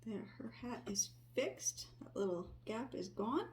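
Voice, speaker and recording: Soft-spoken woman talking while sewing. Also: a little high, big pitch swings, a little slow, slight background noise. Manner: soft-spoken, thinking aloud as she works, often dropping to a whisper. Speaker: crafter sewing on camera. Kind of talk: casual crafting narration. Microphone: desk microphone near her.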